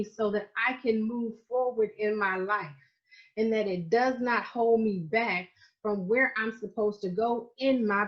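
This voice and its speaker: A middle-aged woman from Florida with a Southern US accent, giving an earnest, repetitive masterclass talk as a life coach, slowing down to stress key phrases. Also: a little high. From Florida, United States. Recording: slightly muffled, dull audio.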